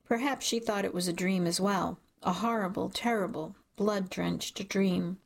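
Gravelly woman narrating a dark story. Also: medium pitch. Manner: measured, dramatic storytelling. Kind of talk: scripted audiobook narration.

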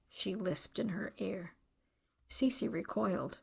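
A woman reading a novel aloud in scripted, measured narration. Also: mid-range voice, gravelly. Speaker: audiobook narrator.

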